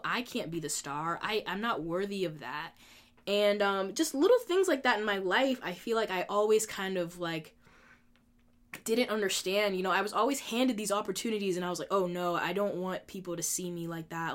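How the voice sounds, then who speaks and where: A woman's voice: medium pitch, a bit bright. A woman in her twenties hosting a podcast, talking candidly and emotionally in a casual monologue, filling her speech with "like" and swearing freely. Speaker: podcast host.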